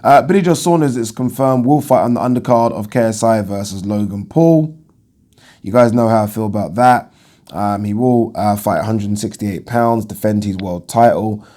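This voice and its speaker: A man's voice: lowish voice, moderate pace, mellow. A man hosting a boxing channel, giving blunt, opinionated casual commentary and swearing when annoyed.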